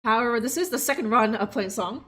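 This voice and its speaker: Lively, bright-voiced woman streamer. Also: a little high, quick pace. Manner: chatty, laughing, talks to chat. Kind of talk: live gameplay commentary.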